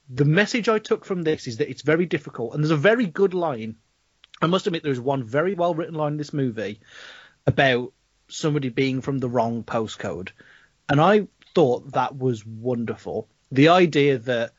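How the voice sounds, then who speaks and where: A man's voice: a little high, no room sound, muffled recording. A man with a Black Country accent, co-hosting a casual film review podcast, swearing and laughing through a rant. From Black Country, England. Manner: sweary, ranting, laughing often. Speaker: podcast co-host.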